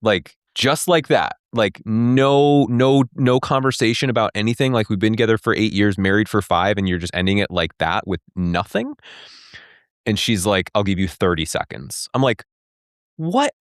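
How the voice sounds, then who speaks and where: A man's voice: on the low side, normal speed, smooth, no room sound, clean studio sound. A man in his thirties telling a personal story in an interview, acting out the dialogue and filling his speech with "like". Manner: retelling with quoted dialogue, many "like" fillers. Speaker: interview guest.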